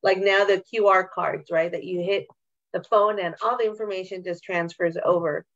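Woman panelist, lower voice, upbeat, laughs easily, muffled lo-fi sound. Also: steady tone, moderate pace. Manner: cheerful, laughs often. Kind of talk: casual chat.

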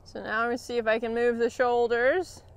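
Calm, encouraging woman horse trainer. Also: on the high side, fairly quick, clean tone. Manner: calm, encouraging, explanatory, praising often. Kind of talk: narrated training session.

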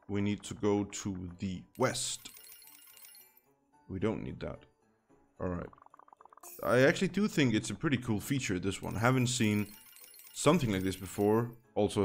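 Guy with a lowish voice chatting through a slot game, wry little jokes, faint music behind. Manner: chatty, wry asides, thinks aloud while playing. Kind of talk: casual gameplay commentary.

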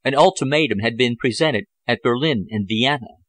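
A man narrating a novel chapter as an audiobook, in a measured, even storytelling manner. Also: medium pitch, dry recording. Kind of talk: scripted narration.

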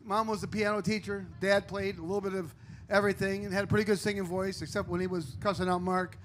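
High-voiced man telling a stage story. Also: little pitch movement, fast, fairly bright tone, slight background noise. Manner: storytelling, plainspoken, heartfelt. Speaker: car salesman. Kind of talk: joke telling and eulogy. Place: live on a bar stage.

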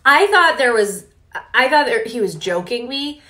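A young woman vlogging in a casual, animated storytelling way, often acting out what people said. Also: a little high, moderate pace. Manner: chatty, animated, with quoted reenactments.

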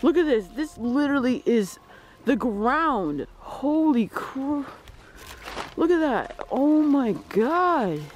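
Excitable vlogger exclaiming outdoors in woods. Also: high-pitched, takes it slowly, a little hiss or hum. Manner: excitable, exclaiming, calling to pets. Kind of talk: casual outdoor walking vlog. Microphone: handheld camera.

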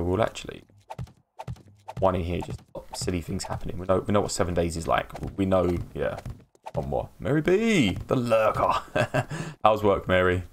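An English man chats his way through a live gaming stream, rambling between building and greeting viewers in chat by name. His voice sits low with a gravelly rasp, and he laughs easily. A faint hiss sits under the recording. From England. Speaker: livestream host.

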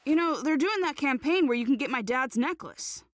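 A woman's voice: high voice, animated, normal speed, no room sound, clean studio sound. A woman voicing a brash, cocky teenage boy ninja in a game cutscene, playful and teasing. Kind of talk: video game cutscene dub.

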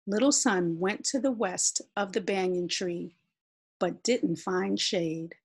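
A woman reads a children's picture book aloud, gentle and expressive. Her pace is slow and her voice has a soft, breathy quality. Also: lowish voice. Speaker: storyteller.

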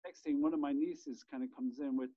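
A man's voice: medium pitch, fairly even intonation, brisk, warm tone, highs cut off. Rambling man telling stories. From Ireland. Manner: rambling, swears freely, many restarts. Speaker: podcast guest, musician. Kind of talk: casual storytelling.

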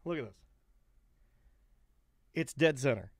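Deadpan radio co-host telling stories. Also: male voice, medium pitch, slow pace, no room sound, studio quality. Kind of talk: casual radio show banter. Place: radio studio.

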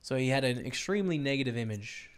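A man with a smooth, resonant voice chats casually to his viewers while watching poker footage. He rambles and muses aloud in an easy, conversational way, with a mid-range pitch. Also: animated, fast. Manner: rambling, chatty, addresses viewers directly. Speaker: poker YouTuber commenting over a broadcast.

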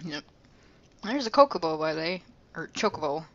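A woman's voice: low-pitched, expressive, normal speed, highs cut off. A woman co-hosting a game let's play in casual chat, swearing freely and laughing often.

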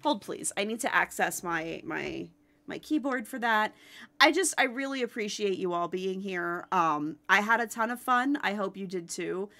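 A woman's voice: mid-range voice, lively intonation, moderate pace, sharp tone. A woman in her thirties, a game streamer, chatting in a bubbly, casual way with many fillers as she wraps up a live stream.

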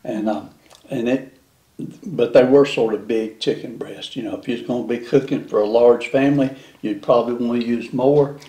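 A man chatting casually with his co-host during a home cooking taste test, relaxed and homey with easy fillers. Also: mid-range voice, normal speed, echoey room.

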